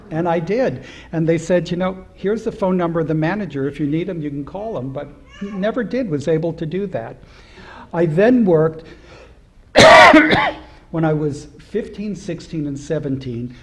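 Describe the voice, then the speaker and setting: A rabbi in his seventies giving a humorous anecdotal speech at a celebration, acting out the voices of people in his stories. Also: a little high. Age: 70s. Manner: storytelling with humor, acts out quoted voices. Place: synagogue hall at an event.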